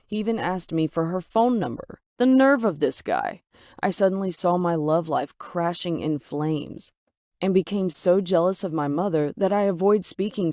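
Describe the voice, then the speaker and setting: A woman reading a scripted first-person story as narrator, expressive and getting louder on angry lines. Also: low-pitched, dry recording, clean studio sound.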